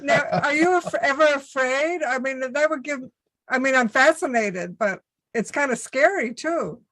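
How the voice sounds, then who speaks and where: A woman's voice: sits high, normal speed, a bit bright, dry recording, low-quality recording. A woman co-hosting a talk show, asking a guest curious, eager questions on a video call. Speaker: co-host. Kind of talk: interview questions.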